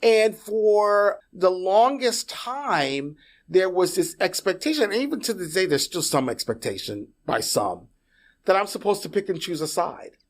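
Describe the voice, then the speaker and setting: Animated middle-aged man telling his story. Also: sits high, measured pace. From Puerto Rico. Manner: animated storyteller who repeats words when restarting. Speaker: guest. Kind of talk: casual interview talk.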